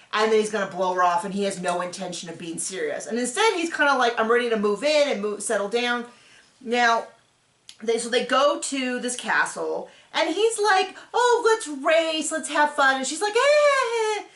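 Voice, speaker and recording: Her fairly high voice bounces around an echoey room as she hosts a casual reality show recap. She talks animatedly through her commentary, acting out the cast members' quotes in different voices.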